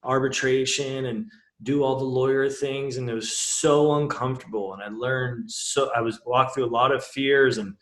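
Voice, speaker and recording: A man's voice: mid-range voice, steady tone, moderate pace, a bit bright. A man guest on a podcast, frankly telling a personal story in a casual, emotional way and swearing freely. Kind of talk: candid conversational storytelling. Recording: roomy echo.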